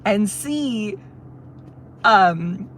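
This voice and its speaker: A young woman streams from her car on a road trip, chatting casually with her viewers at a middling pitch. She tells a rambling story and laughs often. A faint hum of noise sits under her voice. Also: lively intonation, very slow. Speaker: livestreamer reading chat. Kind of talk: casual chat.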